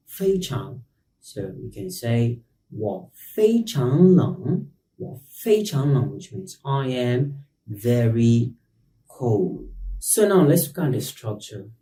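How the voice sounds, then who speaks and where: A man hosting a beginner language lesson in an unhurried, patient way. He says each new word twice. His voice is deep-toned and mellow, and it sounds distant in a reverberant room with faint background hiss. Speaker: language teacher. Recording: roomy echo, distant mic.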